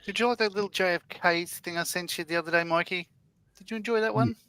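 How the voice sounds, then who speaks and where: A man's voice: high-pitched, fast, sharp tone, smooth, no room sound. A man, the regular co-host of a live stream, chatting playfully, telling stories and cracking puns. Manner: playful storyteller who acts out quotes and cracks puns. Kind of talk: joking live-stream chat.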